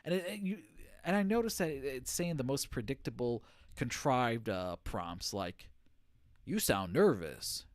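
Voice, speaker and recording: A man's voice: medium pitch, normal speed, no room sound, studio quality. A man streaming a game live, commenting in a rambling, jokey way.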